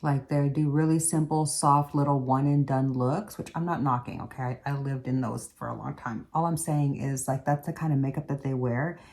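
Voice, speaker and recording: A woman's voice: very deep voice, fairly even intonation, normal speed, hardly any pauses, darkish tone. A woman beauty vlogger chatting casually as she does her makeup in a tutorial. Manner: chatty, talks while doing makeup.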